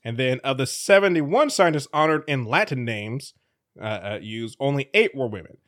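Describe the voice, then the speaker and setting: A man's voice: mid-range voice, expressive, moderate pace, a bit bright. A man co-hosting a casual news-chat podcast, rambling and laughing often as he restarts his sentences. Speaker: podcast co-host.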